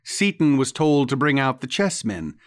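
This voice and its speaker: A man narrating a literary ghost story in the first person, measured and deliberate. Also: mid-range voice, sing-song, no room sound. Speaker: audiobook narrator.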